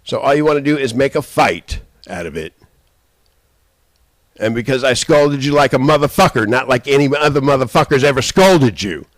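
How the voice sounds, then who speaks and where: A man rants at someone off camera, cursing through a long rambling outburst. He swings between loud shouting and low muttering. His voice sits in an ordinary middle pitch, and the sound is dry and close, with no room echo. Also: expressive, moderate pace, long pauses. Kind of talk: angry personal rant. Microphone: handheld camera.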